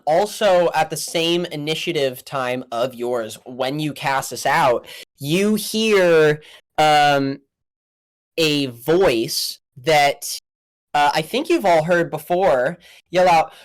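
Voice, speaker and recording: A woman narrating as game master of a tabletop game, animated and chatty. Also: deep voice, slow. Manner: animated, counts squares under breath.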